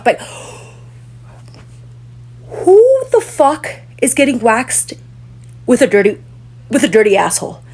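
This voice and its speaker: A woman's voice: a little high, huge pitch swings, takes it slowly, long pauses, a little mellow, slightly rough. A woman delivering a profane, indignant reaction rant as a commentator. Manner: indignant, swearing heavily.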